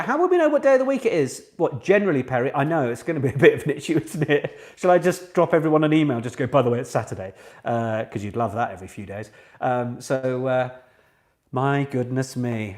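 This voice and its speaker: A man hosting an online pub quiz from home, chatty and playful, full of asides to his viewers. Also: fairly high pitch. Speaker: quiz host. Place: home flat.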